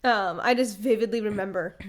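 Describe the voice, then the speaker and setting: A young woman co-hosting a casual podcast chat, telling stories with lively acted-out reactions. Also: mid-range voice, a little fast. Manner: animated storyteller, acts out her own reactions. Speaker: podcast co-host.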